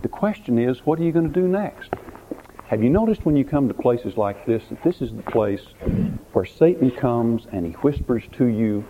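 A man's voice: medium pitch, expressive, normal speed. A man, a pastor, preaching a sermon, telling a story dramatically and putting questions to the listeners, often repeating words. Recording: tinny phone-like recording, faint hiss.

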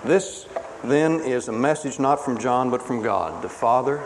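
A man preaching a sermon in a dramatic, emphatic way, swinging between booming declarations and hushed pleas. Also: lively intonation, measured pace. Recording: reverberant hall with faint ambient noise.

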